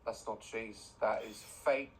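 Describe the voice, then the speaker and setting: A man's voice: on the low side, steady tone, measured pace, slight background noise, rough recording. A man streaming a game, giving mocking, exasperated commentary. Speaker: gaming streamer. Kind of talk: sarcastic reaction commentary.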